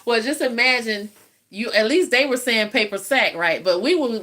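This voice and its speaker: Her voice is a little high, sharp, and animated, yet she talks slowly with frequent pauses. She's an older woman with a Southern US accent who hosts a live eating stream, telling stories and laughing often as she chats with viewers.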